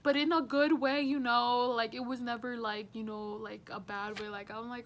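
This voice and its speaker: Slightly high-voiced and a little slow, a woman in her twenties gives a casual goodbye message as a teaching assistant. Her delivery is flat yet warm and chatty, sprinkled with fillers like "you know" and "like." There's slight background noise.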